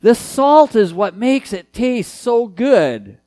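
Male preacher, high voice, dry close sound, earnest and emphatic. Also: very animated, takes it slowly, dark tone, dry recording. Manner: earnest, emphatic preaching with repeated key phrases. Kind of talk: sermon.

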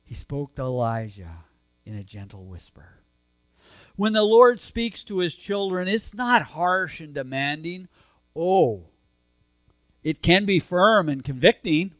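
Soft-spoken pastor preaching slowly. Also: male voice, on the high side, very animated, no echo. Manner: dynamic, swings from emphatic to soft and hushed; earnest, conversational preaching with restarts. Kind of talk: sermon.

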